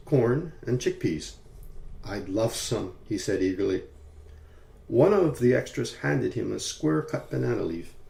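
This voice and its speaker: Male narrator, mellow and dark tone, measured storytelling, roomy echo. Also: mid-range voice, creaky. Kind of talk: audiobook narration.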